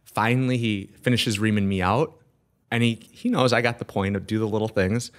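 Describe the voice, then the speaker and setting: A man, a business owner, telling a story as a podcast guest in animated, quick bursts with frequent restarts. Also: lowish voice. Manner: animated, rushes through with restarts. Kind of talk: casual storytelling interview. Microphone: podcast studio mic.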